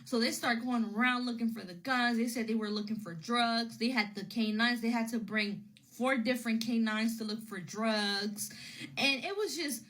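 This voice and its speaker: A woman's voice: fairly high pitch, normal speed, fairly bright tone, low-quality recording. A woman casually telling a personal story to her phone camera, rambling and repeating herself as she retells what people said.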